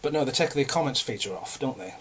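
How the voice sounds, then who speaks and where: This English vlogger is a young man with a medium-pitched, fairly bright voice, and he speaks animatedly at a quick pace. His talk is a chatty, self-mocking rant, loose and rambling, and he's a bit out of breath; a little hiss or hum sits underneath.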